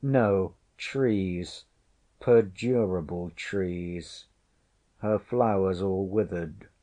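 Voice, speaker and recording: A man's voice: deep voice, extremely slow, warm tone. A man voicing a proud, teasing noblewoman, a disguised queen, with archaic, haughty, wry speech in a storybook reading. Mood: wry, regal. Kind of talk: audiobook character voice.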